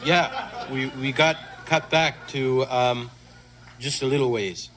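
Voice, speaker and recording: A dim, good-natured Canadian hoser who hosts a sketch-comedy TV spot, speaking in a mid-pitched man's voice with a Canadian accent. He drawls along, tacking 'eh' and 'right' onto his lines. The old broadcast audio carries a clear layer of background noise. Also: steady tone, slow pace, a bit bright. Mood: flustered. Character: dopey adult male Canadian hoser hosting a TV spot. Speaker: sketch comedy host character.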